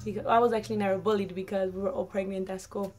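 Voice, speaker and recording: Young woman, nineteen, casual vlog chat, rambly, filler words, acts out dialogue, mid-pitched voice. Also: flat delivery, rapid-fire, darkish tone. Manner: rambling, full of "like" and "um"; acts out quoted dialogue in her telling. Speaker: vlogger. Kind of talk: casual personal storytelling.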